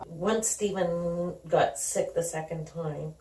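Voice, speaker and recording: A woman's voice: fairly low pitch, steady tone, slow, darkish tone, slight background noise. A middle-aged woman telling her family's story in an interview, conversational and acting out the dialogue. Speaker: guest. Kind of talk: candid personal storytelling. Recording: roomy sound, distant from the mic.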